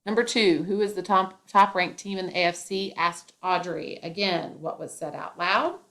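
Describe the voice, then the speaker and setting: A woman's voice: on the low side, moderate pace, a bit bright. A woman teacher explaining a grammar lesson step by step, with playful asides.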